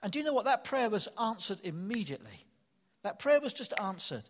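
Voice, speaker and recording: An older man preaching with earnest emphasis, his high voice rising and falling in lively swings. He leans on repeated phrases, and the sound rings out in an echoey hall. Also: fairly quick. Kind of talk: sermon.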